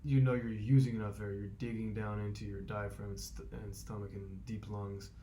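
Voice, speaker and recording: A man talking through his vocal warm-up routine, explaining step by step and thinking aloud with fillers. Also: fairly low pitch, flat delivery, moderate pace, slight background noise. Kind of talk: casual instructional vlog.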